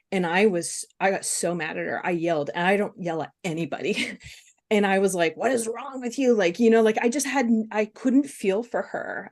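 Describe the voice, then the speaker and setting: Woman, candid and halting, lowish voice, casual webinar chat. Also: a little mellow. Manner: candid, halting, with frequent fillers and restarts. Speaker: guest speaker on compassion fatigue.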